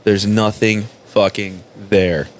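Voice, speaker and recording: A man's voice: lowish voice, level tone, takes it slowly, a little hiss or hum. A man, a former Marine, telling a story in a casual chat, swearing freely and laughing often. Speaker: podcast host, former Marine.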